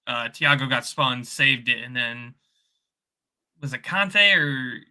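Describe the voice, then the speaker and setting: A man's voice: medium pitch, expressive, slow pace, bright, forceful tone. A man in a casual football chat, thinking aloud, hesitating and trailing off. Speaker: co-host guest.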